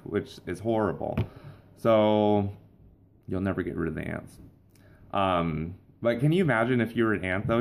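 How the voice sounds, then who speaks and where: Man, vlog host, casual monologue, rambling and playful, lowish voice. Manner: rambling, playful, with frequent fillers. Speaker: host of a comedy vlog show.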